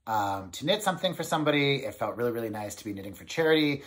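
A man hosts a knitting podcast and chats casually to the camera. He sounds excitable and rambles, with plenty of fillers and restarts, at an ordinary mid pitch. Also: quick pace.

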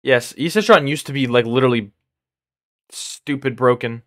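Brief: young male gamer streaming live, loose slangy rambling chat, mid-pitched voice, dry close sound. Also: normal speed, a bit bright, no room sound. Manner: rambling, slangy, says "bro" constantly, laughs often. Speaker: game streamer. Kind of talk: casual live gameplay chat.

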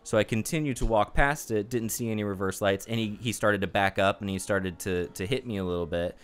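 A man's voice: lowish voice, fairly bright tone, clear, resonant tone. A man as a podcast host telling an anecdote in casual chat, acting out both sides of the exchange in a raised voice. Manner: acts out the other person's lines in a raised voice. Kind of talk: casual chat, animated storytelling.

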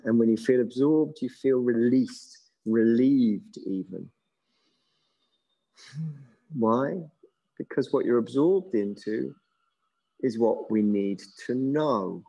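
A middle-aged man with a relaxed, musing manner, leading a yoga class and drawing out words slowly. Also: medium pitch, gravelly, muffled recording. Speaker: yoga teacher. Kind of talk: guided yoga class instruction.

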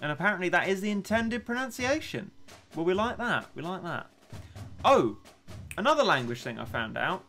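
With faint music behind him, a young man playing a game on a live stream reads out chat messages and fills the gaps with casual, self-deprecating rants. His high voice is sing-song and fairly bright, and he speaks at a moderate pace.

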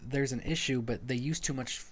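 A man's voice: mid-range voice, moderate pace. A man co-hosting a podcast, casually retelling a novel's plot at length with frequent restarts and fillers. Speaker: podcast co-host. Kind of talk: casual book discussion.

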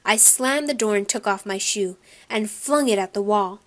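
A woman narrating a children's audiobook in a lively first-person storytelling voice. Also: mid-range voice, moderate pace. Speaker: audiobook reader.

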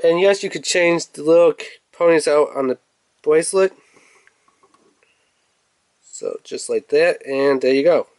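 A man casually reviewing and unboxing a toy, chatty and rambling, with bursts of excitement. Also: fairly high pitch, measured pace, long pauses, clear, resonant tone, no room sound. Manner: chatty, rambling with fillers, excitable when revealing toys.

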